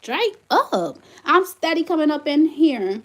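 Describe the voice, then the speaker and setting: Young woman, livestream vent on a phone, indignant, climbs loud, high voice, lively swings. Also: a little slow. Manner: indignant, rising into loud complaints. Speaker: vlogger, single mother. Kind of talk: livestream rant to chat.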